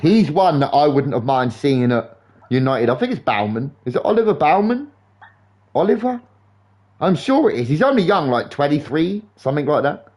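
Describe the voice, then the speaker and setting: A young man streaming a game live, rambling in sweary, animated football banter. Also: medium pitch. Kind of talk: casual chat while gaming live.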